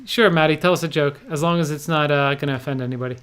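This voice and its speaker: This middle-aged man from New Jersey speaks quickly in a slightly high, somewhat bright voice. Co-hosting a livestream, he reads out viewer comments in a relaxed, joking way.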